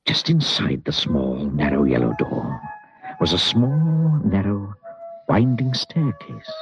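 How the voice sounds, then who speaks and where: A man narrating a children's storybook with expressive, drawn-out emphasis. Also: deep voice, vocal fry, breathy edge, dry recording. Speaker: audiobook narrator. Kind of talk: storybook reading. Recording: muffled recording with soft music.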